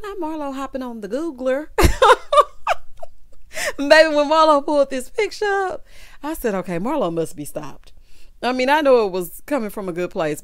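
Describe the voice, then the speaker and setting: A woman in her fifties giving a sassy, animated recap commentary on a reality show. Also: medium pitch, dry recording. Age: 50s. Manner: sassy, animated, drawn-out teasing.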